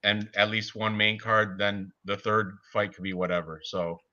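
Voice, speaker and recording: A man co-hosting a casual sports betting chat, talking excitably and laughing at his own jokes. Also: lowish voice, normal speed, lo-fi sound. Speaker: podcast co-host.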